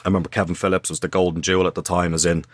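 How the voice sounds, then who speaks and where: Man telling lively football stories. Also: low voice, rapid-fire. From Ireland. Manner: animated anecdotes, acts out quotes, swears. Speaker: former footballer, guest. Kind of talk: casual storytelling. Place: podcast studio.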